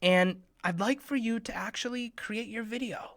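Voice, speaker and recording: A man hosting a children's program, talking straight to the kids in a playful way, sometimes dropping to a hushed half-whisper. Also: normal speed, dry recording, studio quality. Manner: playful, bursts into excited high shouts. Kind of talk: talk to children.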